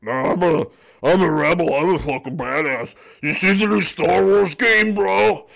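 A man doing a brash young bro who drawls and boasts about being a badass. The voice is bright and forceful, loud and slowed for mockery. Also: fairly high pitch, creaky, heavily acted. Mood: boastful. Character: loud dim-witted young bro who calls himself a rebel.

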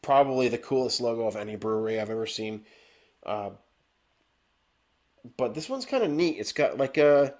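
A man's voice: mid-range voice, a little mellow. Stuffy-nosed man reviewing beer. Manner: rambling, many fillers and restarts. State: stuffy, congested nose. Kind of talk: casual chat. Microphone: video call.

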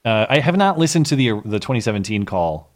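A man's voice: fairly low pitch, very animated, a little fast. A man hosting a podcast, giving comedic news commentary with sarcastic asides and bursts of laughter. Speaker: podcast host.

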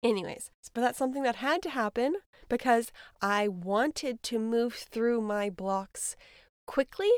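Earnest soft-spoken woman, dry close sound. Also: on the high side, unhurried, no echo. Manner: earnest, hesitant with many fillers and restarts. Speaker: spiritual podcast host. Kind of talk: casual reflective monologue.

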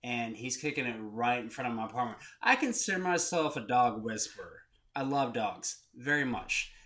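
A young man co-hosting a casual podcast, with a bright, ringing tone. He rambles through stories and acts out the voices of the people in them. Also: mid-range voice, moderate pace. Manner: rambling, animated storytelling, acting out voices. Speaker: podcast co-host. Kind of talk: casual storytelling chat.

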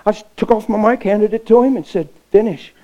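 A pastor preaching a sermon with stories, impassioned and folksy, swinging from loud to hushed. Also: male voice, high-pitched, steady tone, fast talker, dull audio. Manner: folksy, plain-spoken. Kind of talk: sermon with storytelling.

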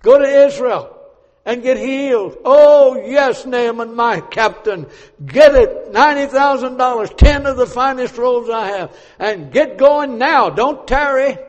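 A man voicing an ancient king who urgently orders his captain off on a journey, in a loud, high, pressing voice. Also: expressive, takes it slowly, in a large hall, dull audio, exaggerated voice. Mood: commanding.

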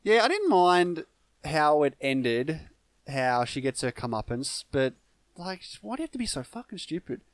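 A man's voice: a little high, big pitch swings, normal speed, no room sound. A man co-hosting a casual film review podcast, easygoing and laughing often, with hesitant restarts. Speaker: podcast co-host.

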